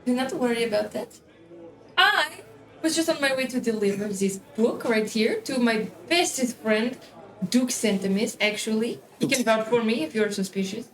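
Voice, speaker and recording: A woman's voice: a little high, normal speed, roomy sound. A woman playing her character in a tabletop game, cheeky and confident. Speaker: player.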